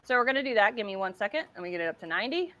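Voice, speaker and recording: A middle-aged woman hosting a casual craft livestream, chatty and excitable as she demonstrates while talking. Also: mid-range voice, racing.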